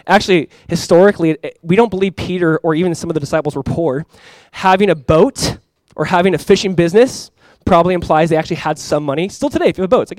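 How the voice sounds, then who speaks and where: Male pastor preaching fast, fairly high voice, chatty but emphatic, dry close sound. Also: darkish tone, dry recording. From California. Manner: conversational, emphatic preaching with asides and invitations. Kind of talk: sermon.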